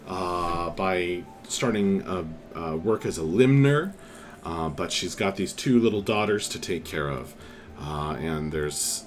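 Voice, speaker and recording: A man narrating as game master of a tabletop game, unhurried, with many pauses and restarts. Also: low voice. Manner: unhurried, lots of fillers and restarts.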